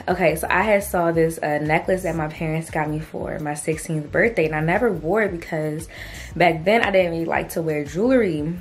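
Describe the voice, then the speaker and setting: A young woman vlogger chatting casually to camera, excitable and full of slangy asides. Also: low-pitched, normal speed.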